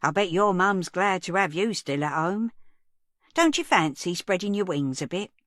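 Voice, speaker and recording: A woman's voice: on the low side, animated, normal speed, a bit bright, no echo, studio quality. A woman voicing a guileless, kindly older woman who chats homely and mild. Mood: gentle.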